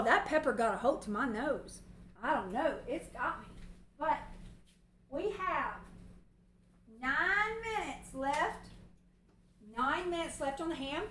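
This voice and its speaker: A woman rambles warmly through her cooking livestream, folksy and chatty. Her voice sits high, and the home kitchen rings with a noticeable echo around her counter mic, with a faint hiss underneath. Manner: chatty and long-winded, folksy. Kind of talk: casual cooking livestream chat. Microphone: mic set on the counter.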